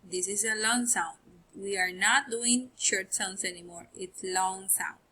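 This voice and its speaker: A woman's voice: mid-range voice, unhurried, pushed and bright, husky. A woman teaching first grade phonics. She explains rules patiently, checks in with "okay?", switches between English and Spanish, and drills each word by repeating it three times.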